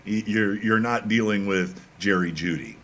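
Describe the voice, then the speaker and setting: A man co-hosting a sports radio show, talking in an emphatic, animated and teasing way. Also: fairly low pitch, normal speed, a little hiss or hum. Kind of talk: casual sports talk.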